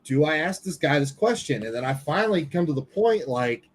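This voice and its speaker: A man's voice: a little high, animated, fairly quick, rough recording. A man co-hosting a paranormal podcast, telling a story in casual chat and quoting people as he goes, swearing now and then. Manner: candid, swears casually, retells dialogue.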